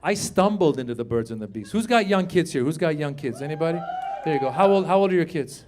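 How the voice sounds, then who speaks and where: A middle-aged man doing a stand-up comedy set on a theater stage, telling animated stories, acting out voices and chatting with the crowd. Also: fairly high pitch, fast talker, a little hiss or hum. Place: theater stage before a live audience. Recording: live room with audience laughter.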